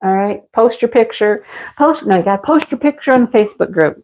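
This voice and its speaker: Middle-aged woman, craft-stream host; casual rambling chat with lots of laughter, mid-pitched, dull lo-fi sound. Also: expressive, a little fast, darkish tone. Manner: chatty and rambling, laughs often, a little snarky. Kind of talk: casual livestream chat, answering viewer comments. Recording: dull lo-fi home stream audio.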